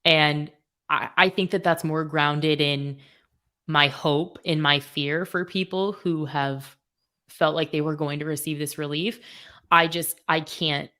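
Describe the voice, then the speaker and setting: A woman's voice: deep voice, fairly even intonation, unhurried, sharp tone. A woman co-hosting a radio show, speaking in an earnest, hesitant way during casual chat. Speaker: radio co-host.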